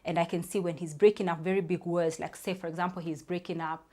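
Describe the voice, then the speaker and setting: A woman's voice: lowish voice, level tone, fast talker, a little mellow. A woman in her thirties, a speech therapist, explaining reading tips to parents in a chatty way, often saying "you know" and spelling out sounds.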